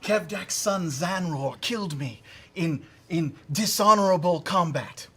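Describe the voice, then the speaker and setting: A man's voice: sits high, a little slow, fairly bright tone, husky. A man playing a tabletop game who eagerly feeds lines to another player.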